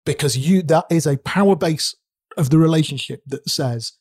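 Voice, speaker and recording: A man's voice: on the high side, moderate pace, darkish tone, husky, no echo, clean studio sound. A man co-hosting a casual business talk show, emphatic and repeating words for stress. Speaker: podcast co-host, recruiter. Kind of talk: casual chat.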